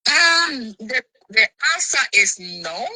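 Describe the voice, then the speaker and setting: Woman, interview guest, indignant, husky, dry close sound. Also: fairly high pitch, slow pace, dry recording, poor audio. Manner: indignant, animated storytelling. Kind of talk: interview, recounting a dispute.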